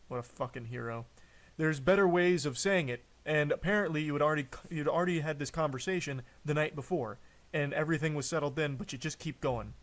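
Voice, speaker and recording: A man's voice: on the high side, brisk, fairly bright tone. A man streaming casual reaction commentary, sarcastic and exasperated as he talks through what he reads.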